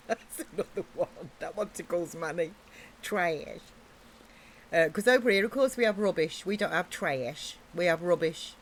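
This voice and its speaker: A woman's voice: on the low side, expressive, moderate pace, a little hiss or hum. Giggly English woman streamer. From England. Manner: giggly, chatty, jokey. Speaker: livestreamer. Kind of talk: casual let's-play chat.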